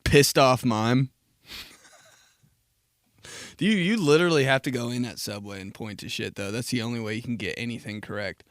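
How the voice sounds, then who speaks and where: A man's voice: medium pitch, normal speed, pauses often, no room sound, studio quality. A young man hosting a casual solo podcast, rambling through profane stories and laughing at his own jokes. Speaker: podcast host.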